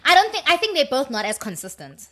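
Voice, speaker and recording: Young South African woman co-host, bright high voice, playful and talkative. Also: fast talker. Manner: animated and teasing, switches between English and Sesotho. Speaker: podcast co-host. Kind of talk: casual chat.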